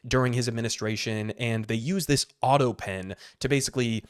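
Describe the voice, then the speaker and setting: A man's voice: mid-range voice, a little fast, clear, resonant tone. A man hosting political commentary, with a middle-range voice and a sarcastic, incredulous edge. He sounds close to the mic in a dry space with no echo.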